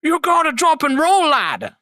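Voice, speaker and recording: A man doing a shrill put-on Irish accent. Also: wildly swooping pitch, a little slow, bright, forceful tone, no echo, studio quality, heavily acted. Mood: joking. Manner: shrill, jokey. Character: excitable Irish male video game streamer.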